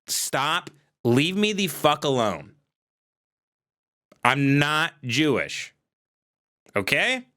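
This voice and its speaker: A man hosting a livestream on a desk mic, ranting in a profane, exasperated way and shouting at times. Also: fairly high pitch, sing-song, very slow, long pauses. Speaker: livestream host. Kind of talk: casual ranting monologue.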